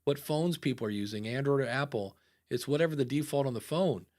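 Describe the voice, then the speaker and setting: A man from the United States co-hosting a podcast in casual chat, animated and jokey, rambling with fillers. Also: mid-range voice, brisk. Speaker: podcast host.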